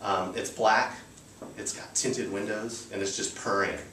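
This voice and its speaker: At a live storytelling show, a thirtysomething man from the United States shares a personal story, unhurried and chatty, with plenty of fillers. His lowish, fairly bright voice keeps fairly even intonation, and the distant mic picks up the roomy venue and slight background noise.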